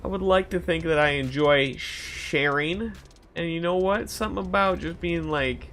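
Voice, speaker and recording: A young man streaming a game, telling stories in a loose, rambling way, often laughing, swearing and jumping high when he quotes someone. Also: normal speed, slight background noise. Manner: animated storytelling, jumps to a high pitch for quoted voices, laughs often, swears. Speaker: gaming streamer. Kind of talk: casual rambling commentary while gaming. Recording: faint game music behind.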